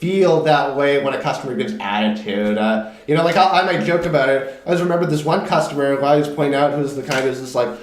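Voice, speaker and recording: A man's voice: medium pitch, quick pace, hardly any pauses. Laid-back young man in an echoey room. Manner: laid-back, lots of fillers, acts out customers. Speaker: podcast host. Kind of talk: casual chat.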